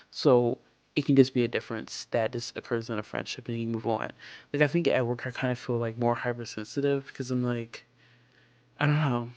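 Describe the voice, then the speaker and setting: Young guy chatting over a game build, rambly, swears a lot, mid pitch, totally dry sound. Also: steady tone, moderate pace, smooth, no echo, dull audio. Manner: rambling storytelling, swears freely. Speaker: game speedbuild creator. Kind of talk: casual chat over gameplay.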